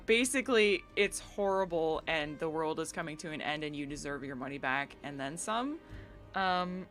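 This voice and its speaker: A woman's voice: mid-range voice, fairly bright tone. An American woman streaming live, chatting casually with viewers in a giggly, filler-heavy way.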